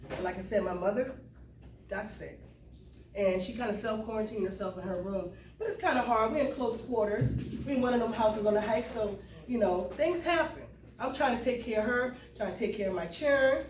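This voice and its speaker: Middle-aged woman telling her life story to a crowd, kinda high voice, roomy hall, mic far off. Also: brisk, darkish tone. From US Lowcountry (South Carolina). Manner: emotional, conversational Southern storytelling with call to the crowd. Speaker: storyteller speaking at a cultural event. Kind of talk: personal testimony to a live audience. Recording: roomy sound from far off, faint room noise.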